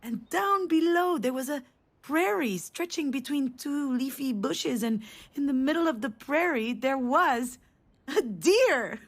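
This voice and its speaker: A woman voicing a mother in a video game, telling a family memory in a warm storytelling manner. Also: high-pitched, measured pace. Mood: tender. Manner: warm storytelling, rising to excited cries. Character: tender mother remembering a family trip.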